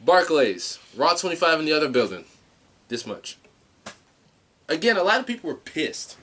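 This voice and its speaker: Excitable higher-pitched man on a podcast. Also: normal speed. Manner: blunt, excitable, swears freely. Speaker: podcast co-host. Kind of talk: casual chat.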